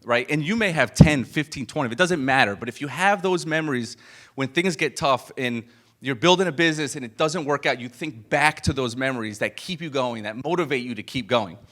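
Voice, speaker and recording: Man, live talk to an audience, conversational storytelling, mid-pitched voice, acts out dialogue, lots of restarts. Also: a little fast. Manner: animated and conversational, full of fillers and restarts, acts out quoted dialogue. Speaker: business coach speaking to an event audience. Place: event room with a live audience.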